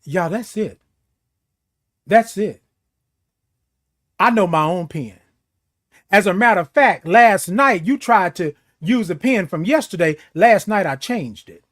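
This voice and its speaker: A man's voice: sits high, animated, slow pace, long pauses, fairly bright tone. A man hosting a motivational morning talk, preaching self-worth with repetition and playful beeping sounds. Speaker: host. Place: seated in a chair.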